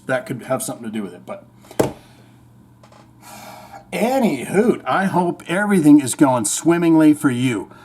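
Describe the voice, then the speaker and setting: A man hosting a podcast, giving rambling, irreverent, profanity-laced commentary on the news. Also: fairly high pitch. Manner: rambling, irreverent, swears freely. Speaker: podcast host.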